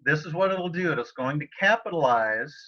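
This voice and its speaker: A man's voice: on the high side, lively intonation, normal speed, sharp tone. A man teaching a Spanish class over a video call, talking casually with many fillers and restarts. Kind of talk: casual online tutoring session. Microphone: computer mic on a video call. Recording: slightly dull video-call audio.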